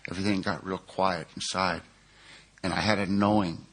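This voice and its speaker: A man with a lowish, bright, forceful voice tells his story in a plain-spoken, earnest way. He speaks as a recovery speaker at a 12-step conference. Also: steady tone, normal speed. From California. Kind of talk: personal recovery testimony.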